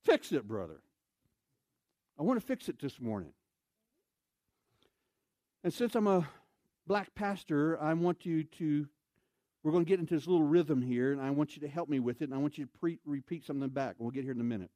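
A man preaching from the pulpit, moving from conversational storytelling to loud emphatic bursts. His voice sits a little high for a man. The sound is dry and close, with little room echo. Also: a little fast, pauses often. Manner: animated storytelling, acts out voices, shouts for emphasis. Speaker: pastor. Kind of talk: sermon. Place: church sanctuary.

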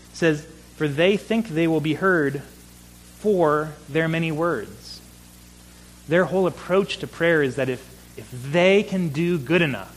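A man's voice: fairly high pitch, fairly bright tone, slightly rough, low-quality recording. A man preaching a sermon, earnest, often repeating words for emphasis. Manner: earnest, repeats words when stressing a point. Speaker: pastor.

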